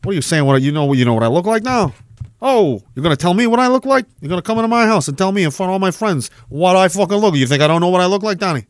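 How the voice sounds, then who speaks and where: A man's voice: sits high, lively intonation, rapid-fire, dry recording, clean studio sound, voice pushed up. A man putting on the voice of a touchy Italian-American mobster with a brash tough-guy drawl. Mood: indignant.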